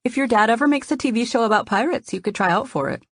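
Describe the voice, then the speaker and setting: A woman's voice: a little high, lively intonation, quick pace, no room sound, studio quality, voice pushed up. A woman voicing a playful, teasing young female friend in an audiobook, with a bubbly delivery. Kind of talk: audiobook character reading.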